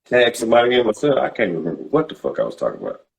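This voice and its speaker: A man's voice: mid-range voice, racing, creaky, poor audio. A man co-hosting a casual podcast, talking bluntly and with swearing about sports and daily life. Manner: blunt, profane, animated. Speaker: podcast co-host. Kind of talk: casual chat.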